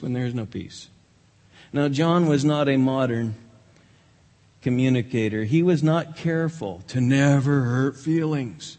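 A man's voice: medium pitch, animated, measured pace, darkish tone, breathy edge. A man, a pastor, preaching a sermon in a church, emphatic and dramatic when he quotes others. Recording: long hall reverb.

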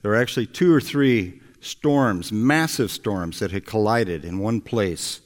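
A man preaching a sermon and retelling a story in a slow, storytelling delivery. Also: fairly low pitch. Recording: echoey hall.

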